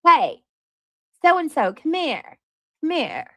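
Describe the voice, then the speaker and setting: Woman putting on a gloating, sing-song proud mom, high and bright, dry sound. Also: sing-song, takes it slowly, no room sound, heavily acted. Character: smug boastful mother, middle-aged woman.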